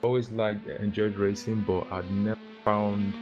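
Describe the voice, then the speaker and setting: A man with a very deep voice speaks in a relaxed, halting way, full of ums and restarts. He sounds easygoing and grateful, and music plays clearly behind him. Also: highs cut off. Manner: relaxed, appreciative, hesitant with fillers. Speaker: new league member. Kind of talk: casual voice chat.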